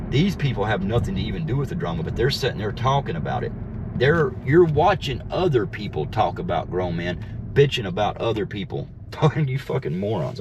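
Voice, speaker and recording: A man streaming from his car, ranting in a profane, combative and mocking way. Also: lowish voice. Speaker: streamer and delivery driver. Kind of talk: ranting livestream monologue. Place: inside a car. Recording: clear car and street noise. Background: car road noise.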